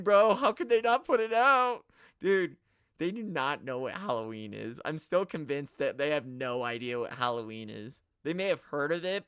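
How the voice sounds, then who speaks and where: A man hosting a live stream, ranting at the chat in an animated, exaggerated way and swearing often. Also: medium pitch, clear, resonant tone, no room sound, studio quality. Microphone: studio mic, no camera.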